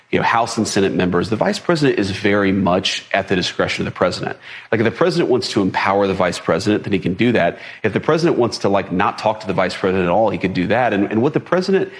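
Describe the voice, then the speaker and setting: A middle-aged man, a politician, answering interview questions in a relaxed way, with many fillers and restarts. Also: lowish voice.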